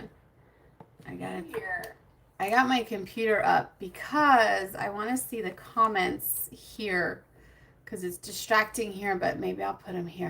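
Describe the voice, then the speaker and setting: A woman's voice: mid-range voice, gravelly, pushed and bright, slight background noise. A woman hosting a casual beauty live stream, chatty and a little scattered, greeting viewers by name and laughing nervously. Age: adult with a child. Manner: nervous, self-conscious laughter. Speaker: beauty livestream host.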